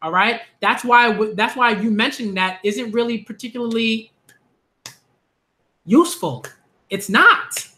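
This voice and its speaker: A man giving a ranting commentary vlog on manga, animated and exasperated, repeating phrases for emphasis. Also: very high voice, unhurried, long pauses.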